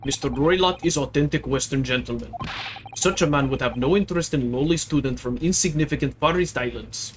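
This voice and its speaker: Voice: medium pitch, slight background noise, lightly acted. A streamer voicing a rude, burly male ship crewman with a mock Russian accent in a video game reading, using clipped broken English. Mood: haughty. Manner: gruff, clipped broken English, slow and loud.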